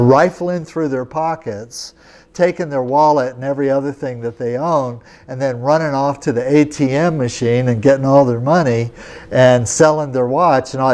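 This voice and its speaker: A man's voice: mid-range voice, a little mellow. A man, a yoga teacher, telling a personal story in a casual, chatty lecture, often checking in with his listeners.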